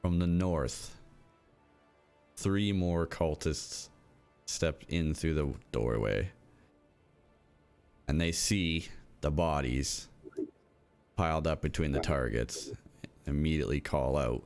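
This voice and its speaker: A man narrating as game master for a tabletop game, unhurried and measured. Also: extremely low pitch, darkish tone, soft background music.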